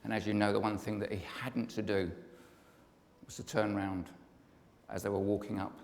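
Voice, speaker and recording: A man's voice: fairly low pitch, little pitch movement, moderate pace. Chatty male comic poet in a reverberant hall. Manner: chatty, joking, draws in the audience. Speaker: comic poet giving a pre-concert talk. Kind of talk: live talk with sung poems. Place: concert hall before a live audience. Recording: long hall reverb with music.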